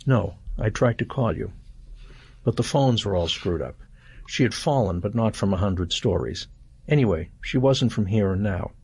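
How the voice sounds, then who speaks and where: A man's voice: fairly low pitch, expressive, moderate pace, darkish tone, breathy edge, dry recording, full character voice. An older man reading the lines of a shaken woman friend who recounts seeing a ghost, in a plain, matter-of-fact way. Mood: uneasy.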